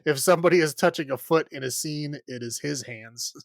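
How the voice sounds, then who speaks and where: A man's voice: fairly high pitch, a little fast, gravelly, dry recording, studio quality. A man hosting a podcast, recapping a film in a casual, rambling way full of fillers and frequent laughs. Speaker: podcast host.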